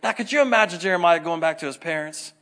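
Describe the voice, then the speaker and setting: A man preaching a sermon, animated and acting out the voices in the scripture stories. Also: on the high side, quick pace. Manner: animated, acts out scripture dialogue in varied voices.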